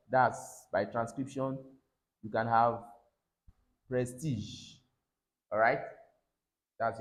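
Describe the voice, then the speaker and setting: A man teaching a pronunciation lesson, repeating words and checking in with "all right?". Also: mid-range voice. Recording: echoey room.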